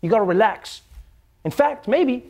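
Guy with a high voice doing a jokey late-night rant, mocking tone. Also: lively intonation, moderate pace, creaky, a little mellow. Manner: mocking, puts on voices for jokes. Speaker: comedy news host. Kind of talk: satirical late-night monologue.

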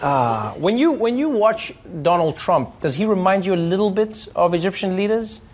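A man comedian chatting with a live audience, an animated storyteller who laughs as he talks and keeps slipping into impressions. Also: high voice, moderate pace. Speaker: comedian answering audience questions. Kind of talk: live stand-up style audience Q&A. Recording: live audience noise in hall. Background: audience laughter and murmur.

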